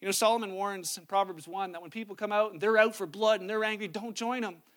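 Pastor guy with a really high voice, chatty sermon, does little voices for people he quotes. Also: steady tone, fast talker, fairly bright tone.

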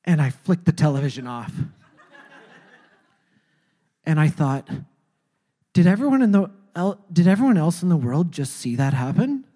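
Halting storyteller in an echoey hall. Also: mid-range voice, very animated, warm tone. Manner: halting, often repeats words before going on. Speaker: speaker telling a personal faith testimony. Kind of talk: personal storytelling.

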